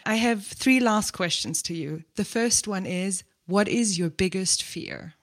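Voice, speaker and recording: A woman's voice: mid-range voice, measured pace. A woman interviewer who laughs now and then and uses some slightly unusual phrasing as she responds and asks questions. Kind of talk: casual interview.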